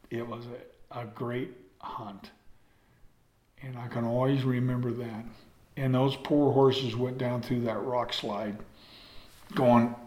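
A man's voice: medium pitch, reverberant. An older man telling a rambling, folksy story to an audience in a casual way, acting it out as he goes. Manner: folksy, rambling, acts out with gestures.

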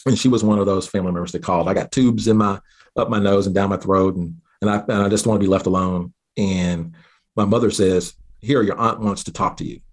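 A man from southeastern Oklahoma, a guest earnestly telling a personal story with halting restarts. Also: low voice, fairly even intonation. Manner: earnest, halting restarts, slows down at key moments.

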